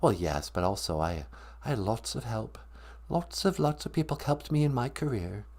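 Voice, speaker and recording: A man putting on a dead male English rock star's ghost with an English accent, speaking in a soft, formal, courtly way. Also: mid-range voice, expressive, normal speed. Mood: confessional.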